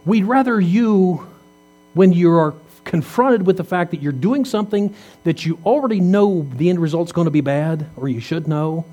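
A pastor in his fifties preaches a sermon in a high, warm voice at a moderate pace. His delivery is conversational, full of rhetorical questions, and he jokes with and teases the congregation.

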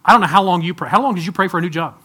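A man preaching a sermon to a congregation, swinging from loud urging to soft, pleading asides. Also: sits high, very fast. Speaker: pastor.

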